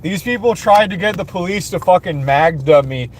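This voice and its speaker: Profane, high-voiced man ranting heatedly. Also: lively intonation, moderate pace, slight background noise. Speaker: streamer. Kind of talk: angry ranting monologue.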